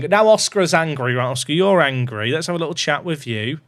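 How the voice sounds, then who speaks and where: A young man talks through a football management game in a chatty, jokey way. His voice sits high and swings widely in pitch. He breaks into loud excited shouting. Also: fairly quick. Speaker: gaming YouTuber.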